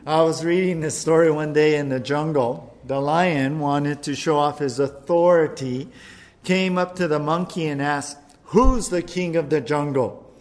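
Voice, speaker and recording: A male pastor leading a verse-by-verse Bible study in a church, preaching in a lively, conversational way with jokes. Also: a little high, measured pace.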